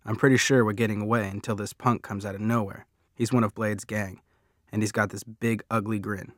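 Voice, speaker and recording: A man reads a first-person audiobook in a low, fairly flat voice, steady and plain. The close studio mic leaves the sound completely dry. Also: brisk, no echo. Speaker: audiobook narrator.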